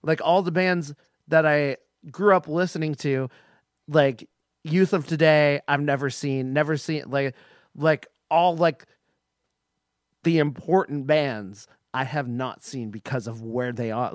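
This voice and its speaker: A man in casual chat, speaking haltingly with many restarts and fillers. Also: fairly high pitch, no room sound, studio quality.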